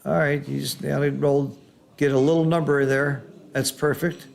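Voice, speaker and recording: A middle-aged man calling a backgammon match, his voice sitting a little high for a man. He swings from gasping excitement at the rolls to patient, teacherly explanation of the strategy. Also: moderate pace, creaky. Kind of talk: live game commentary.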